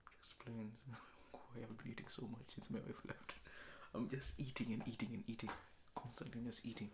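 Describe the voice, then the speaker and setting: A man from Kenya, talking slowly and reflectively in a late-night confessional monologue at home, often dropping into a whisper. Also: medium pitch, little pitch movement, background noise. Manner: slow, reflective, often sinking to a hushed whisper. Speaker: vlogger. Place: apartment indoors.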